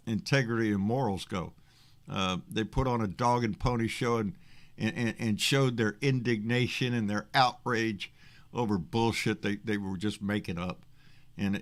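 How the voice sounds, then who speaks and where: A man's voice: fairly low pitch, a bit bright. A man with a Texan accent hosting a casual political livestream, reading chat comments aloud. He rambles, swears freely and stammers over repeated words. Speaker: livestream host.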